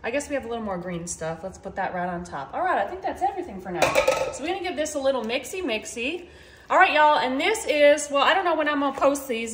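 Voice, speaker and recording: A woman's voice: high voice, fairly bright tone, reverberant. A woman hosting a casual cooking video in her home kitchen, chatting to viewers and saying y'all a lot. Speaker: cooking channel host. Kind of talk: casual cooking vlog chat.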